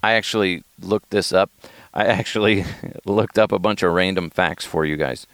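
Gravelly rambling man hosting a podcast. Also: low voice, normal speed, fairly bright tone, no room sound. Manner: rambling, self-deprecating, profane. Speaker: podcast host. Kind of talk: casual comedic podcast chat.

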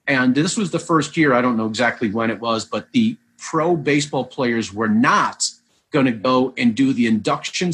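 A man's voice: medium pitch, breathy edge. A man, a vintage baseball player, telling long rambling anecdotes as a guest in a casual interview. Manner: rambling, animated anecdotes with restarts.

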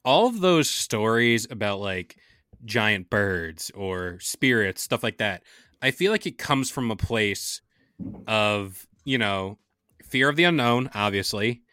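A man's voice: fairly low pitch, animated, slow, bright, forceful tone, clear, resonant tone, no echo, studio quality. A man co-hosting a podcast in casual chat, making his points thoughtfully. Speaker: podcast co-host.

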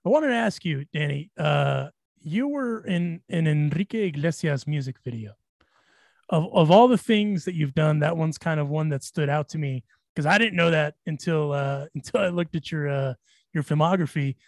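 A man's voice: a little high, moderate pace, creaky, a little mellow, no echo, studio quality. A man hosting a casual interview, asking curious questions in a chatty way and repeating himself. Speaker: podcast host.

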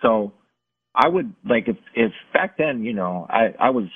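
A middle-aged man telling personal stories in an interview, earnest and halting, often restarting his sentences. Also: mid-range voice, very animated, creaky, slightly rough. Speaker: guest, former football player. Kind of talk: candid interview storytelling. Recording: tinny phone-like audio.

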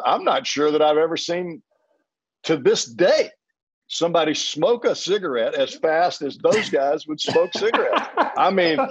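A man, a former closing pitcher, telling a rambling story on a panel with many restarts and chuckles. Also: lo-fi sound.

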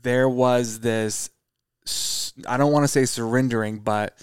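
A man's voice: medium pitch, steady tone, a little slow, clean tone, dry recording, studio quality. A man from the American South talking in a casual, reflective conversation, earnest and thoughtful, often rephrasing as he goes.

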